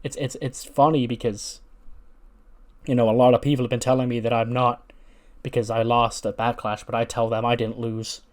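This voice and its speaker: A man's voice: medium pitch, little pitch movement, moderate pace, close to an everyday voice. A man voicing a smug young male wrestler who stutters before blaming someone else.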